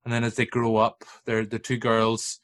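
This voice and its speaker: A man's voice: mid-range voice, monotone, moderate pace, fairly bright tone. A man hosting a podcast, chatting casually in a rambling, jokey way and wandering off on tangents. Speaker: podcast host. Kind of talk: casual chat.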